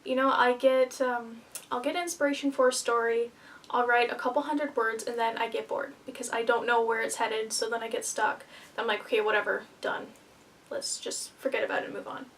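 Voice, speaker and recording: A woman's voice: sits high, far from the mic. A young woman vlogging to camera, nervous and rambling, a little out of breath. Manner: nervous, rambling, self-deprecating, with filler words. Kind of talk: casual vlog talk to camera.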